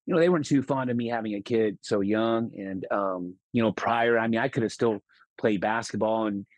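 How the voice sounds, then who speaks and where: A man in his forties from California, a guest telling an animated story with stumbling restarts. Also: lowish voice, a little fast, no echo. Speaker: guest, loan officer. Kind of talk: casual storytelling.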